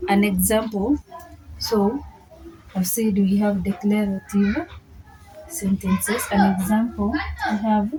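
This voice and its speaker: A woman's voice: mid-range voice, slow. A woman teaching an online grammar lesson, patiently repeating key words and going step by step. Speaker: English teacher. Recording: noticeable background noise.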